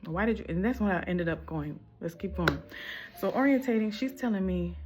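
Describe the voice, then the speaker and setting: A woman's voice: medium pitch, a little fast. A woman telling a casual storytime in a candid, rambling, emphatic way, full of casual slang.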